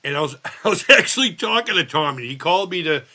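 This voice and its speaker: A man's voice: a little high, expressive, quick pace, sharp tone. A middle-aged man, hosting a casual live chat and telling rambling, profane stories while reading chat aloud. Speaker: livestream host.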